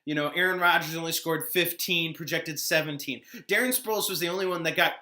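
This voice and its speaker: A man's voice: on the high side, a little fast, bright, forceful tone. A man hosting a fantasy football recap, chatting in a casual, exasperated way with laughing asides.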